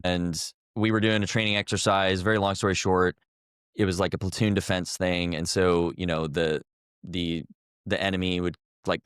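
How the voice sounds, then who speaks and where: A man's voice: deep voice, clean tone, no room sound, clean studio sound. A man in his thirties, a former army officer, telling an earnest, reflective story as a podcast guest.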